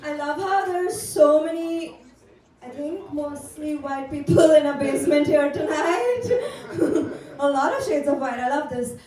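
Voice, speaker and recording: A woman's voice: sits high, expressive, unhurried, darkish tone. A young woman from India doing a bubbly, teasing stand-up set in a basement club. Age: young adult. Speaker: stand-up comedian. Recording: echoey room from far off.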